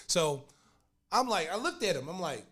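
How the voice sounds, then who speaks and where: A man with a slightly high voice hosts a podcast and tells a story, acting out each person's lines with plenty of energy. He is an older man. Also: big pitch swings, normal speed, sharp tone. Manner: acts out other people's lines in the story. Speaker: podcast host. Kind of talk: animated storytelling.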